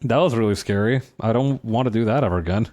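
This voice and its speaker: A man's voice: on the low side, fast talker, a little mellow. A man casually commenting on a role-playing game as he plays, with a wry, sarcastic manner, reading the game's text aloud along the way. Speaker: gaming streamer playing a role-playing video game.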